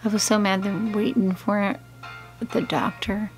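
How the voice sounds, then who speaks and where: A woman's voice: medium pitch, little pitch movement, normal speed. Chatty middle-aged woman, music behind. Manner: chatty, rambling, many fillers. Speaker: beauty vlogger. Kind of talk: casual storytelling while doing makeup. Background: background music.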